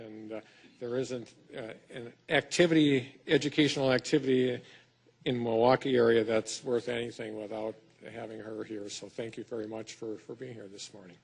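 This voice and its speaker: A middle-aged Wisconsin man with a Wisconsin accent and a medium-pitched, slightly rough voice serves as state schools superintendent. In a lecture hall, he gives a folksy, self-deprecating conference speech peppered with fillers and restarts.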